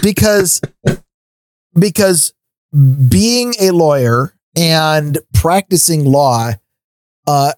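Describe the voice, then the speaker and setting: Middle-aged guy ranting on a podcast, kinda high voice, dry sound, stumbles over his words. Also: darkish tone, no echo. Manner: ranting, stammers on restarts, laughs between points. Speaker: podcast co-host. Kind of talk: casual chat.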